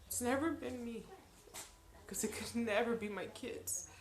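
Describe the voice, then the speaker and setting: A woman in her thirties telling a personal story on her vlog, emotional and halting, with many restarts. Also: a little high. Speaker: vlogger. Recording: echoey room.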